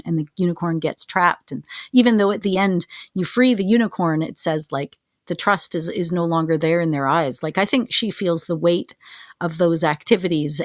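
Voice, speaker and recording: Thoughtful lower-voiced woman co-host. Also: no room sound, clean studio sound. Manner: earnest and reflective, many "like" fillers. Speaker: podcast co-host. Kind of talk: casual podcast chat.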